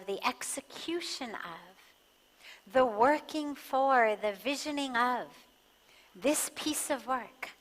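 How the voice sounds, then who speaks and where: A woman gives a spiritual talk in a calm, measured way, letting pauses carry her points. Her voice sits a little high, and it rings with the long reverb of a large hall. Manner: calm, measured, pausing for emphasis. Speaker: spiritual teacher.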